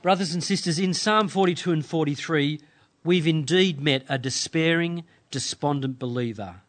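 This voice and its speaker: A man preaching a sermon, reading scripture in measured, earnest phrases with deliberate pauses. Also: fairly high pitch. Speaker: pastor.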